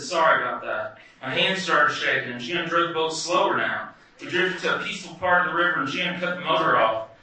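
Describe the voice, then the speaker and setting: A man's voice: fairly high pitch, bright, forceful tone. A man telling a wry, vivid first-person comic story. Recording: very echoey room, distant mic, music behind.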